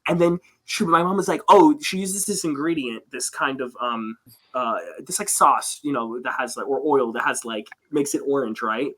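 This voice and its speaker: Brief: young woman, podcast guest, lively storyteller who mimics quoted people, casual and foul-mouthed. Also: rumbling low, normal speed, low-quality recording. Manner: animated storyteller who acts out quoted voices and swears freely.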